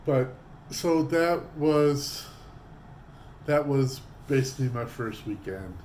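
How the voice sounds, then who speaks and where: A man's voice: mid-range voice, takes it slowly, a little hiss or hum. A man vlogging, telling a casual story with lots of energy and acting out what people said. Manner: animated, acts out quoted voices. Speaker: trucker vlogger.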